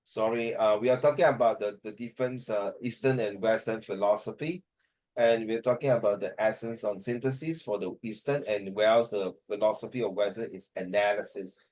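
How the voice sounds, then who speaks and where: A man's voice: on the low side, fairly quick, darkish tone, rough recording. A tired man teaching an online class over a video call, talking in a hesitant, rambling way and slipping into Mandarin.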